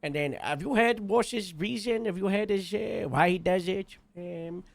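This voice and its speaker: A man's voice: sits high, measured pace, gravelly, no echo. A man telling a long story in character during a roleplay game, rambling with lots of filler and restarts.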